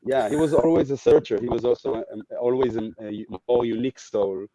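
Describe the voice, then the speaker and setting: A man's voice: mid-range voice, fairly quick, crowd noise, rough recording. A man from Israel, a podcast guest talking casually and thoughtfully, searching for his words. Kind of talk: casual reflective chat.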